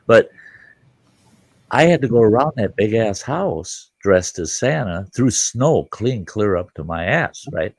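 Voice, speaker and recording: A middle-aged man hosting a livestream, telling a rambling folksy story and jumping into loud voices for the people in it. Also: sits low, vocal fry, no echo. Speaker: livestream host. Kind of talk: casual storytelling chat.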